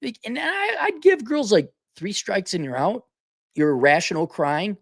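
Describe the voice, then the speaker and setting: A man's voice: high voice, normal speed, dry recording. Blunt guy ranting on his show, voice jumps around a lot, dry close sound. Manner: blunt, opinionated, animated, frequent restarts. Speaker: podcast host. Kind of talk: casual opinion monologue.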